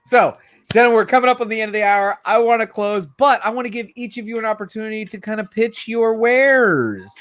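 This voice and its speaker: A man hosting a casual live stream chat, animated and laughing loudly. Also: sits high, brisk, no room sound.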